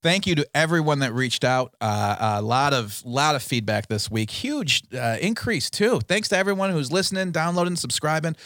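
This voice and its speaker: A man's voice: fairly high pitch, animated, normal speed, few pauses, a bit bright, dry recording, clean studio sound. A man co-hosting a podcast in casual chat, enthusiastic and chatty, often laughing. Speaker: podcast co-host.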